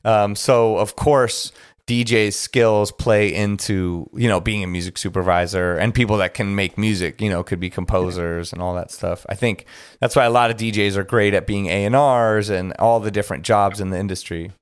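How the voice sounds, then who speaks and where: A low-pitched man hosts a casual podcast interview, speaking in an easygoing, thoughtful way and backing up his guest. His voice sounds dry and close, with no room around it. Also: steady tone, moderate pace, smooth, no echo. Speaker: podcast host.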